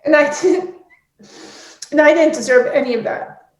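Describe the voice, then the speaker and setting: A woman's voice: high voice, moderate pace, a little mellow. A woman in her forties speaking candidly and emotionally as an interview guest, with many filler words. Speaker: guest, head of production at an ad agency. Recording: roomy echo.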